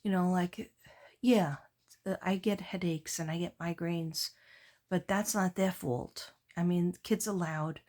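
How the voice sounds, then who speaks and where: A woman artist drifts slowly through a casual late-night vlog about her work, her lowish voice darkish and steady in tone. She sounds tired, and her talk meanders with plenty of pauses and filler words.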